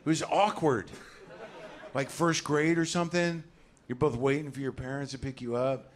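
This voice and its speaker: A man's voice: mid-range voice, fairly even intonation, moderate pace. Neurotic ranting man doing stand-up. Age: 40s. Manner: neurotic, ranting, acts out voices loudly. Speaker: stand-up comedian. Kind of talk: stand-up comedy set. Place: comedy club stage with audience laughter.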